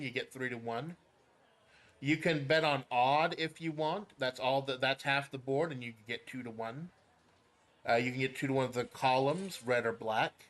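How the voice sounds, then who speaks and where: A man's voice: medium pitch, fairly bright tone. A man hosting a casual game stream, joking with profanity and stammering repeats as he explains the rules step by step. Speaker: streamer host.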